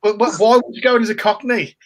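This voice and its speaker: A man with a slightly raised pitch, talking casually on a chat show. He teases his co-host in playful banter and rambles through half-remembered details. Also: fast talker. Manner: jokey banter, playful mocking impressions. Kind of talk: casual chat with live viewers.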